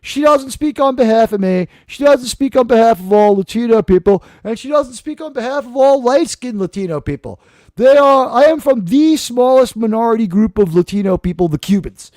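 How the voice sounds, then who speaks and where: A high-pitched man holds forth on his live stream, rambling, brash and ready to curse. His voice sits close and dry on the mic, with no room sound around it. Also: expressive, darkish tone, no room sound. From New York, USA. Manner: rambling, brash, quick to swear. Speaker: live-stream talk show host. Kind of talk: casual live-stream monologue.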